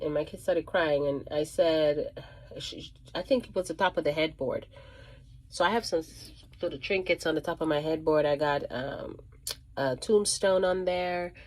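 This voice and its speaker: A woman with a lowish voice tells a casual storytime monologue. She rambles, circles back over her own phrases and fills the gaps with ums. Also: a little mellow. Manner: rambling, restarts and repeats phrases, many ums. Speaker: psychic medium.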